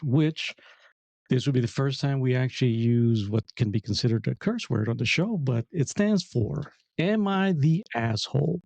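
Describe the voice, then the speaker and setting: Steady male podcast co-host. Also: medium pitch, vocal fry, no room sound. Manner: steady, explanatory. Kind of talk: casual chat.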